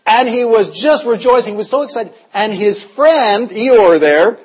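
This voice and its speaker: A man preaching a revival sermon, telling stories in an animated way, his voice swinging between loud and hushed. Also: high voice, a little slow, breathy edge. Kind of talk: storytelling sermon.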